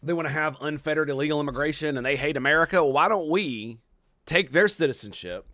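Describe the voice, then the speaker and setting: A man's voice: fairly high pitch, fast, pushed and bright, no echo, clean studio sound. A man hosting a casual livestream, theatrical, profane and boisterous as he chats with his viewers. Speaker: streamer host.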